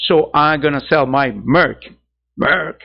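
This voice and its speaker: A man's voice: on the high side, takes it slowly, creaky. A man hosting a digital art channel, chatting casually to viewers in a rambling way, correcting himself and chuckling at his own asides. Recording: dull lo-fi sound.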